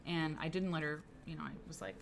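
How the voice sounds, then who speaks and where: A woman's voice: deep voice, fairly even intonation, quick pace, music in the background. A woman hosting a casual co-working live stream from her office, rambling and chatting with viewers by name. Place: her office, late at work.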